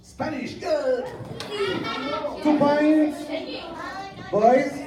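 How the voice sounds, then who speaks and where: A woman's voice: high-pitched, steady tone, very slow, background noise. A woman leading a music class in a language guessing game, teasing the pupils in a playful way. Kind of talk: classroom language quiz with songs. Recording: echoey room, mic far off.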